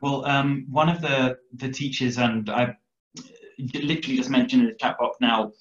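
A man's voice: medium pitch, steady tone, moderate pace. A man hosts an online interview, stopping and restarting as he reads out questions from the chat. His voice comes through an echoey room with dull, muffled video call audio. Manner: hesitant, searching for words, many fillers. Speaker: interview host. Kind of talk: hosting online interview, reading audience questions.

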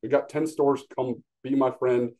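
A man's voice: medium pitch, steady tone, moderate pace, mellow. A man, a sales manager talking bluntly and animatedly as a podcast guest, acting out quotes as he tells stories. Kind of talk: casual podcast conversation.

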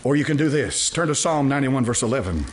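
A man's voice: medium pitch, animated, fast talker, background noise. A male pastor, preaching an emphatic, folksy sermon full of rhetorical questions.

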